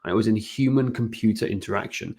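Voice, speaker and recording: A man's voice: on the low side, quick pace, slightly rough. A man on a podcast as a guest and business owner, talking energetically and often checking in with "right?". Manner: energetic, keeps adding "right?" tag questions. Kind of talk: casual podcast interview.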